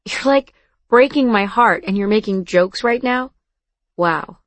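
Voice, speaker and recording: An earnest, jittery teenage boy, read by a woman trips over his own sentences as he tries to explain himself. The voice sits at a middle pitch, with no room sound around it in this storybook reading. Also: no room sound, lightly acted. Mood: teasing. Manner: halting, stammering restarts. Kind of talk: audiobook dialogue.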